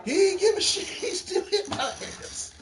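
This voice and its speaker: Animated high-pitched man swapping stories. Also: a little slow, slight background noise. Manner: animated storytelling, laughing, swearing freely. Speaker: gaming show host. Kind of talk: casual gaming chat.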